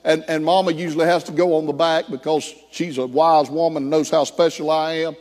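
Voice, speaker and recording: A man's voice: fairly high pitch, brisk, big-room sound. A man preaching a sermon, telling a story and acting out the voices of the people in it. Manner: animated, acts out quoted voices. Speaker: pastor.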